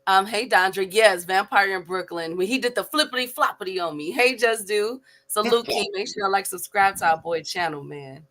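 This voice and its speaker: A woman's voice: medium pitch, moderate pace, hardly any pauses, a bit bright. A woman hosting a casual boxing live stream, chatty, laughing easily and greeting viewers by name. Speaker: host.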